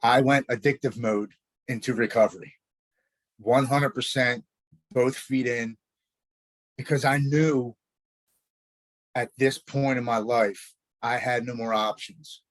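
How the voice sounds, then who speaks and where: A man telling his own story in a blunt, halting way, with repeated words and swearing. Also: mid-range voice, fairly even intonation, dry recording. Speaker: storyteller recounting his recovery. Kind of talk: personal spoken story.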